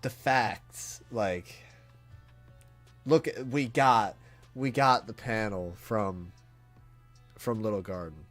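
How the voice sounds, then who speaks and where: A man live-reacting on a stream, speaking slowly and earnestly. He is awestruck and emotional, and his sentences stall and restart as he searches for words. Soft music plays faintly behind him. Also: on the low side. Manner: awestruck and halting, with many trailing restarts. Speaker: streamer reacting to a comic chapter.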